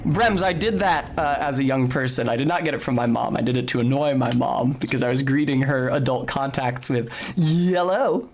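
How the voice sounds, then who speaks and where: A man's voice: mid-range voice, brisk, few pauses. A young man giving casual, articulate commentary while playing a video game, with a slightly academic-sounding manner and bursts of swearing and yelps. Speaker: streamer.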